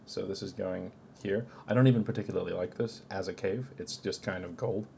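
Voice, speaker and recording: A man's voice: low-pitched, steady tone, fairly quick, creaky, mellow, a little hiss or hum. A man giving casual, profane tier-list commentary on a game, blunt and opinionated. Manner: blunt, opinionated, swears freely. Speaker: gaming video creator ranking game locations.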